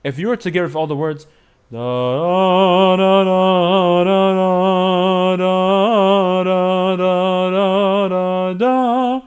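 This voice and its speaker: A man teaching Byzantine-style chant phrasing, explaining patiently and singing short phrases to demonstrate. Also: a little high. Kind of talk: music lesson with sung demonstrations.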